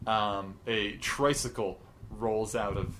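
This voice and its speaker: A man's voice: on the low side, slow, slight background noise. Co-host, male, dry sarcastic movie recap, casual podcast chat. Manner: deadpan, sarcastic, acts out quotes in silly voices.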